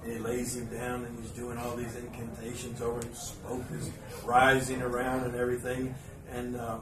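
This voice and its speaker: A man's voice: medium pitch, monotone, normal speed, a crowd in the background. Rambling male storyteller in a roomy venue. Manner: rambling, filler-heavy anecdote with frequent restarts and asides. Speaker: podcast host. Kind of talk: storytelling before a live audience. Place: live event venue. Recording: roomy live venue, mic at a distance, background noise.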